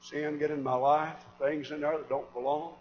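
A man preaching a sermon, swinging from shouted fiery passages to quiet, earnest talk. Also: a little high, flat delivery, normal speed, dull audio, a little hiss or hum.

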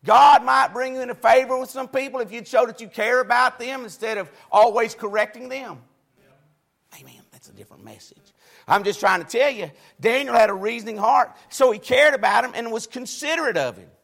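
A high-pitched man delivers a sermon with a bright, forceful edge. His voice carries a gravelly rasp. He rises to loud exclamations and then falls back to quiet asides. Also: fairly quick. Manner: preaching cadence, swings between loud exclamations and quiet asides. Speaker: preacher.

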